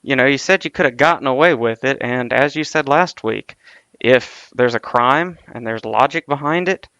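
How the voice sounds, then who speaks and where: A man in his twenties co-hosting a podcast with laid-back, chuckling banter. His voice sits at a middle pitch. The sound is somewhat muffled and dry, close to the mic. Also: normal speed, bright, forceful tone, no echo. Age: 20s. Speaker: podcast co-host. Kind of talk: casual comedy chat.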